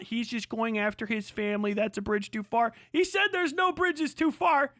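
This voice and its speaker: Streamer, male, high voice, dry close sound, angry mocking rants. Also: moderate pace, a bit bright, dry recording. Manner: heated, mocking, swearing. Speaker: livestream host reacting. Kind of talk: profane livestream reaction.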